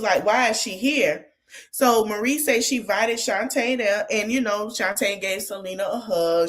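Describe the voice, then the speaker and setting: A woman podcast host chatting through a reality TV recap. She tells the story in an animated, gossipy way and drops sassy asides as she goes. Her voice sits at an ordinary middle pitch for a woman.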